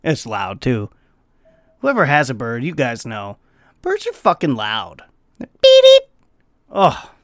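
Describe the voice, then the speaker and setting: A man casually telling a story on his vlog. He swears freely and breaks into squeaky bird noises. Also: wildly swooping pitch, a little slow, fairly bright tone, dry recording, clean studio sound. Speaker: vlogger.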